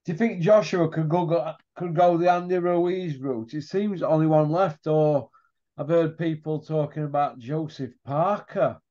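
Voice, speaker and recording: A man's voice: on the high side, warm tone. Bantering man on a dull line. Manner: banter-y, quick questions, laughs at his own jokes. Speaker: podcast co-host. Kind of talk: casual chat about boxing.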